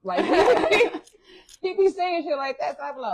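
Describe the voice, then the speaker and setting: A woman co-hosting a casual chat, talking in a relaxed way that trails off softly. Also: high voice, slow pace, poor audio. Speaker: podcast co-host.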